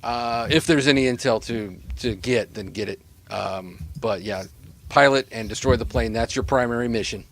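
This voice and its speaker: A man runs a tabletop game as its game master. He talks in a rambling, hesitant way full of fillers. His pitch is ordinary, and a faint hiss of noise sits under his voice. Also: normal speed.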